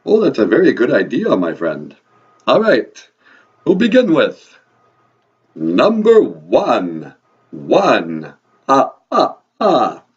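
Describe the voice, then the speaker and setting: A man's voice: mid-range voice, wildly swooping pitch, takes it slowly, few pauses, slightly rough, heavily acted. A man voicing a male vampire count from Transylvania, with a theatrical vampire accent and a laugh after his lines. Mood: grandly polite. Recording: distant, dull lo-fi mic.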